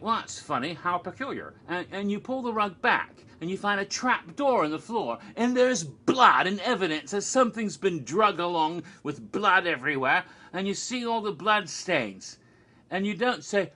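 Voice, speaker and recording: Exasperated ranting man, bright and lively. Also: sits high. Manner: exasperated, profane, shouts in bursts. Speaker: horror vlogger. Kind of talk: ranting commentary.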